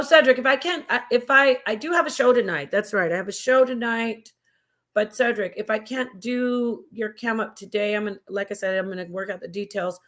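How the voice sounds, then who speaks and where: A woman's voice: medium pitch, fairly bright tone. A woman hosting a casual live stream, chatty and digressive, talking to her viewers like family. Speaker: livestream host.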